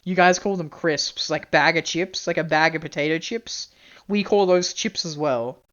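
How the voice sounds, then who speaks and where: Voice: mid-range voice, normal speed, a bit bright, muffled recording. A young adult Australian live streamer chatting casually and rambling, laughing often and swearing freely.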